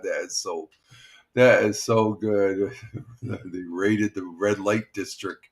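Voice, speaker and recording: An older man hosting a casual morning livestream, talking in a rambling, halting way with lots of fillers. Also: on the low side, fairly even intonation. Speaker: livestream host.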